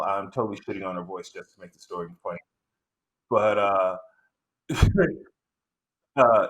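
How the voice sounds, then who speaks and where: A middle-aged man telling a stand-up story, rambling and halting with many fillers and restarts. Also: on the low side, fairly bright tone. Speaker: stand-up comedian.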